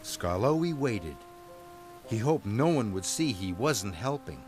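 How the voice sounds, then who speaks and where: A man reading a children's storybook aloud, with slow and expressive narration. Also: fairly low pitch, over music.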